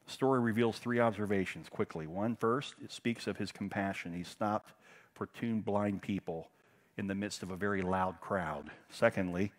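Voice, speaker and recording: A middle-aged man preaching a sermon, telling stories in a conversational way and swinging from loud emphasis to hushed, intense passages. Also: lowish voice, moderate pace. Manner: conversational storytelling with fillers. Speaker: pastor.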